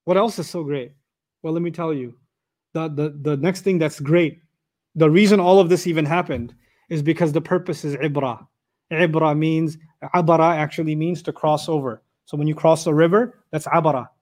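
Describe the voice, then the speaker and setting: Animated higher-pitched man teaching Quran. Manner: animated, asks rhetorical questions, recites Arabic quickly. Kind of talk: lecture on Quranic verses.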